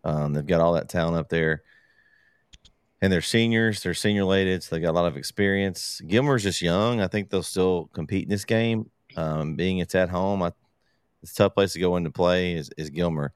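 A man co-hosting a casual sports chat, relaxed and hesitant, with many fillers. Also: low voice, normal speed, clear, resonant tone, no room sound, studio quality. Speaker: podcast co-host.

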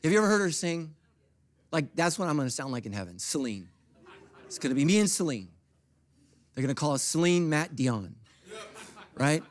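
A middle-aged man preaching a sermon as pastor, swinging from quiet, confiding asides to loud, high-pitched bursts. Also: big pitch swings, moderate pace, pauses often, no room sound.

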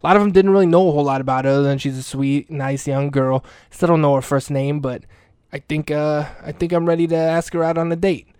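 A man's voice: on the high side, fairly even intonation, fast, a little mellow, clear, resonant tone, no echo, clean studio sound, close to an everyday voice. A man playing a profane lovesick old janitor. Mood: lovesick rambling. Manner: rambling, profane, earnest. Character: crude lovesick older male school janitor. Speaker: comedic character monologue. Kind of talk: comic in-character monologue.

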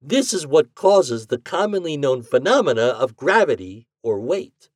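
A man's voice: a little high, big pitch swings, no echo, studio quality, voice pushed up. A man voicing an eccentric mad-genius scientist. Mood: lecturing. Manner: emphatic, lecturing, drawn-out slow stresses. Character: eccentric male scientist, cheerful self-declared mad genius. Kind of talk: audiobook character reading.

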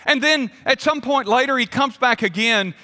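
Guy preaching, chatty, asks the crowd questions, bright voice, big hall echo. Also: extremely high pitch, normal speed. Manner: conversational, quizzes the congregation. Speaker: pastor. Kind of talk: sermon. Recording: long hall reverb.

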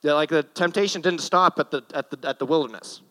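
A man's voice: on the high side, fairly quick, pushed and bright, rough recording. Joking young man preaching casually. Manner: joking, self-deprecating, nervous asides. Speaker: guest preacher. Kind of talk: casual sermon. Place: church stage.

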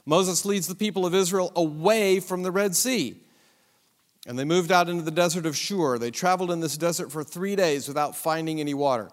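Brief: male Bible teacher, higher-pitched voice, emphatic and chatty, long reverb of a hall. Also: fairly quick. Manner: conversational, emphatic, with rhetorical questions and asides. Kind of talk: Bible survey lesson.

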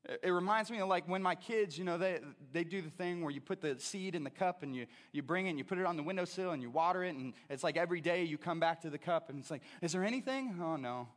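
A male pastor delivers a sermon in a high, light voice. His preaching is conversational and full of restarts, with frequent calls for an amen from the congregation. The sound carries a long reverb from the church hall. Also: fast talker, hardly any pauses. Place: church sanctuary.

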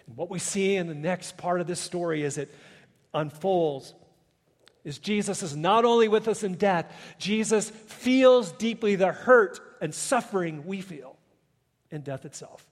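A man preaching a sermon as a pastor, swinging between loud emphatic peaks and hushed, quiet passages. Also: on the high side, normal speed, long reverb tail. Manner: dynamic preaching, swelling loud then dropping soft.

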